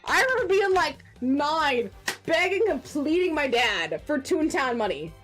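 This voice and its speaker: A woman in her forties streaming a game, chatting casually and ranting with profane, animated outbursts. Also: high voice, a little slow, faint music behind. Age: 40s. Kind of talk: casual gaming stream chat.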